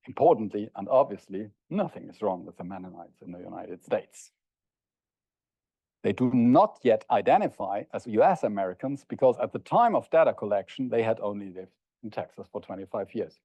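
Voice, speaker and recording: A middle-aged man lecturing at an academic conference, pausing to hesitate and often checking in with the audience with "yeah?". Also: fairly low pitch, animated, gravelly, warm tone, husky, no room sound. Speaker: university lecturer. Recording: dull, dry lo-fi recording.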